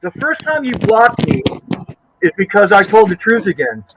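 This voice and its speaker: A man's voice: sits high, big pitch swings, moderate pace, fairly bright tone, highs cut off, slight background noise. A man in a heated live-stream voice chat, mocking and taunting, swearing a lot. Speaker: stream caller.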